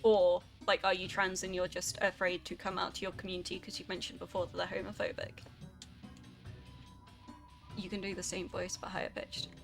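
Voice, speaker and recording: A woman's voice: fairly low pitch, completely flat delivery, moderate pace, gravelly, soft background music. A young woman, chatting casually and swearing now and then while she streams a video game. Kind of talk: casual rambling while gaming.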